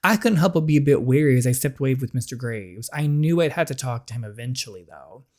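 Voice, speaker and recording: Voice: mid-range voice, lively intonation, fast, a little mellow, close to an everyday voice. A YouTuber reading the inner thoughts and lines of a determined young heroine in a story game, in a firm, defiant way. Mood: uneasy. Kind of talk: reading game dialogue aloud.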